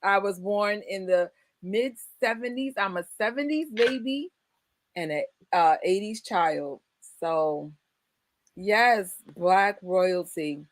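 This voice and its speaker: A woman in her forties from the United States hosting a casual chat, emphatic and animated, often breaking into laughter. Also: mid-range voice, slow. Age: 40s. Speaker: host.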